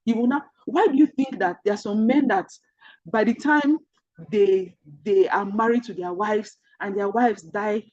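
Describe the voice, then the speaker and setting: Her pitch is medium and her pace a little slow, with a darkish tone on a dry, muffled recording. A Nigerian-accented woman guiding an online group, she tells personal stories with earnest repetition of her main points and talks straight to her audience.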